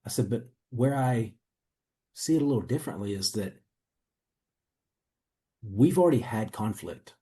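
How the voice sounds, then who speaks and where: A man's voice: mid-range voice, expressive, measured pace, long pauses, warm tone. A man in a testimonial interview, earnestly and reflectively telling his own story as a coaching client.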